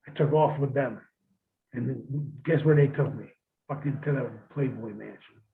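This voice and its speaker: A man spins loose, profane road stories in a relaxed interview voice, his pitch sitting squarely mid-range. The sound comes through thin and tinny, as if over a phone line. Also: measured pace, gravelly. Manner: profane, laid-back storytelling with laughs. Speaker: guest, former wrestler. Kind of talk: casual storytelling interview.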